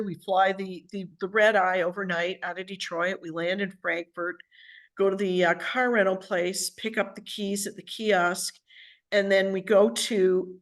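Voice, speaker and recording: An older woman, an author, telling a personal story at home in a lively, chatty way and acting out what people said. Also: mid-range voice. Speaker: author and guest speaker. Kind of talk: conversational storytelling talk.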